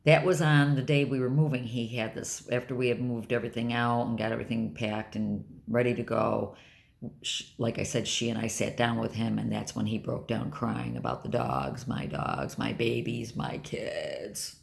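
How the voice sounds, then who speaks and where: A woman's voice: very deep voice, normal speed, vocal fry. An older woman talking candidly and bluntly in a rambling personal vlog. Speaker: vlogger.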